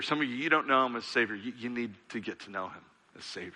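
A man's voice: mid-range voice, animated, fast talker, bright, forceful tone, long reverb tail. A man in his thirties, a pastor, preaching a sermon in an earnest, repetitive style, piling up long lists to his church.

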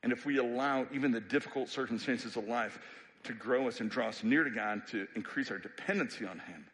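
A man's voice: medium pitch, brisk. Emphatic male pastor in reverberant hall. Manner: conversational and emphatic, rising to animated peaks. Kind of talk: sermon. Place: church sanctuary. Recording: long reverb of a church hall.

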